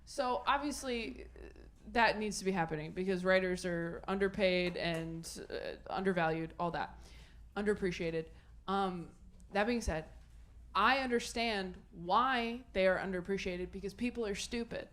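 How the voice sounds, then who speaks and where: A woman's voice: medium pitch, moderate pace, a bit bright. A woman doing stand-up comedy and chatting with the crowd, rambling along in a self-amused way. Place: comedy club stage with audience. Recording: noisy live club recording.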